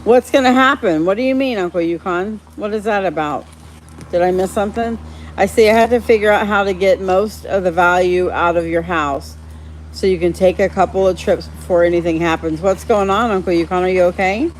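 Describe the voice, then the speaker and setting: A woman hosting a casual live stream, chatting warmly with viewers by name and laughing often. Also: on the low side, brisk, a little hiss or hum. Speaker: livestream host reading viewer chat.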